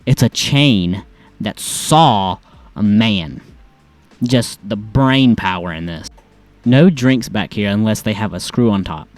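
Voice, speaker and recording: A man's voice: fairly low pitch, animated, takes it slowly, dry recording, faint music behind. A man rambling through casual comedy commentary as he reads posts aloud, joking about himself and stumbling over words. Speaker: reaction video host.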